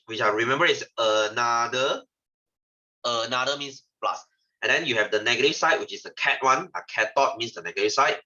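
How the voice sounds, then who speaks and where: A man's voice: medium pitch, sharp tone. A man with a Singaporean English accent teaching a science class over a video call, chatty and teasing his students, often ending sentences with "lah". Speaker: science tutor. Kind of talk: online class lesson. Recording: dull lo-fi video call audio.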